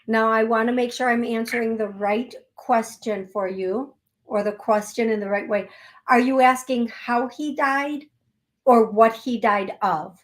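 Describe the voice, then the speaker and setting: A woman hosting a call-in show, giving a psychic reading in a gentle, chatty way and spelling words out letter by letter. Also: fairly high pitch, measured pace. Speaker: psychic medium host.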